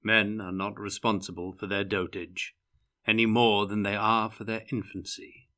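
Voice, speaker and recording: A man's voice: fairly low pitch, little pitch movement, moderate pace, pushed and bright. A man voicing a courteous, formal male playwright in an audiobook reading. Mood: courtly.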